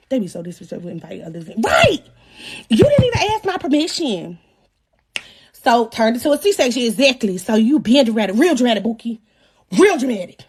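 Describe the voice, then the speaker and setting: A young woman hosting a livestream, telling a personal story to her chat in a dramatic, profane, animated way. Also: fairly quick, slightly rough. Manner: animated, profane, dramatic retelling with shifting pitch. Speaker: livestream host. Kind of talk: casual storytelling to live chat.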